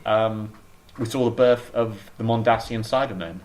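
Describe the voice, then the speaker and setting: A man's voice: lowish voice, moderate pace, darkish tone, a little hiss or hum. A man co-hosting a casual chat show, opinionated and talkative, often restarting his sentences. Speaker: podcast co-host.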